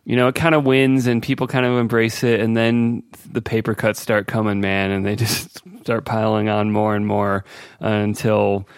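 A man with a smooth, resonant voice chats about tech on a podcast. He is relaxed and laughs easily. The recording is dry and close-miked. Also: on the low side, moderate pace, no room sound. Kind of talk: casual tech discussion.

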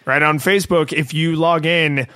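A man with a bright, forward voice talks casually about tech on a podcast. He is wry and animated, slipping into little acted-out quotes. The sound is close and dry, with no room around it. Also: fairly high pitch, moderate pace, smooth, no room sound.

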